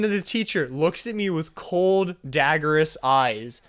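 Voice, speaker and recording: A man's voice: lively intonation, a little slow, smooth. Chatty young man telling a story. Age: young adult. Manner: chatty, filler-heavy, jumps high for exclamations. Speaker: storytelling vlogger. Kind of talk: casual storytime chat.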